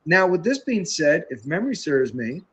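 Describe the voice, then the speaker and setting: A man's voice: a little high, sing-song, moderate pace. A man hosting a casual livestream quote contest, rambling with many fillers and restarts. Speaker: host.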